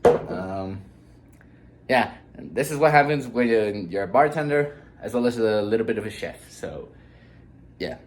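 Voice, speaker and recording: A man's voice: on the low side, animated, a little slow, pauses often, a little hiss or hum. A young man talking casually while cooking in his home kitchen, swearing now and then. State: groggy morning voice. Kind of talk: casual vlog narration.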